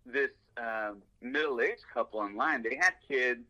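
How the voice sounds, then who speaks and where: A man's voice: medium pitch, measured pace, bright, forceful tone, muffled recording. A man sharing fan stories in casual chat, enthusiastic and quoting movie lines.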